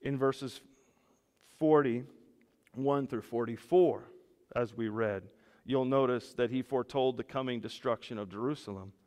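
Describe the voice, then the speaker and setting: Male pastor, animated sermon delivery, mid-pitched, long church-hall reverb. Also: unhurried. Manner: animated preaching, voice rising and falling.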